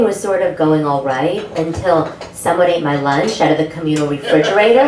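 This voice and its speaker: A woman's voice: a little fast, hardly any pauses, a loud crowd. A woman with a New York accent doing a punchy, brash stand-up set in a comedy club. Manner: brash, punchy delivery with big pitch swings. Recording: echoey club room, mic heard from a distance.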